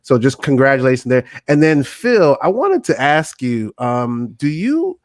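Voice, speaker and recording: A man's voice: mid-range voice, wildly swooping pitch, measured pace, no echo, clean studio sound. Teasing, slangy man on a podcast. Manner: warm praise and playful teasing, slangy. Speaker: podcast guest. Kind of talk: casual podcast chat.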